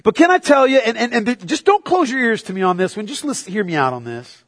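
A man preaching a sermon as pastor, swinging between quiet, low reflection and loud, excited exhortation. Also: quick pace. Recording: long hall reverb.

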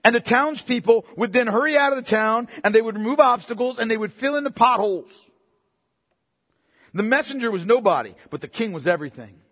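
A man preaching with a high, light voice, talking through scripture in a relaxed, conversational way and then pressing hard on key points. He repeats phrases for emphasis and calls his listeners "man." His voice rings out with a long reverb, as in a large hall. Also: fairly quick. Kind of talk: sermon.

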